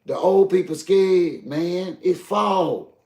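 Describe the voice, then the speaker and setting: Talking with heat directly to his live stream chat, this older man from the Southern US delivers emotional stream talk. His high, creaky voice has a darkish tone and comes slowly, with room echo around it.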